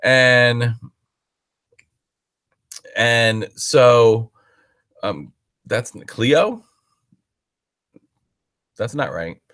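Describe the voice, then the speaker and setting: A man in a relaxed live-stream chat, his voice sitting at an ordinary middle pitch. He talks in a chatty, encouraging way and often restarts his sentences as he goes. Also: drawn-out words, long pauses. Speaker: dog trainer hosting a live chat.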